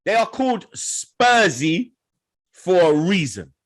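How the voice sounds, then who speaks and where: A man's voice: high-pitched, big pitch swings, takes it slowly. A young man, hosting a football podcast and trash-talking rival fans in heated, laughing banter.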